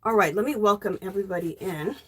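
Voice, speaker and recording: A woman hosting a casual crafting live stream, warmly greeting viewers by name and reading their chat messages aloud. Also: medium pitch, fast talker, slight background noise. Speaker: livestream host.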